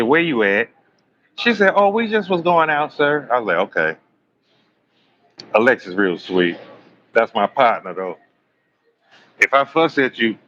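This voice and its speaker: A man's voice: on the low side, pushed and bright. A man hosting a live astrology stream, chatting casually with viewers in a joking, teasing, rambling way. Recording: slightly dull lo-fi stream audio with faint room noise.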